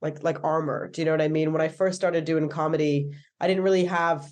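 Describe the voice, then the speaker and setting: A woman's voice: low voice, fairly even intonation, brisk, darkish tone. A woman in her thirties with an American accent, a stand-up comedian chatting casually in an interview, full of "like"s and self-corrections. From England. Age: 30s.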